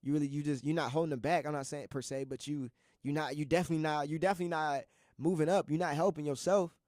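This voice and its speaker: A man's voice: a little high, fairly even intonation, fast talker, darkish tone, dry recording, clean studio sound. A young man hosting a college radio show, talking in an earnest, slangy, repetitive motivational way. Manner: earnest, slangy, repeats himself often. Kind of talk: casual motivational talk. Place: radio studio.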